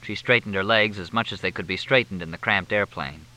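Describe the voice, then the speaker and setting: A man narrating a novel in measured, even storytelling. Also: deep voice, low-quality recording. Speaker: audiobook narrator. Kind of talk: scripted narration.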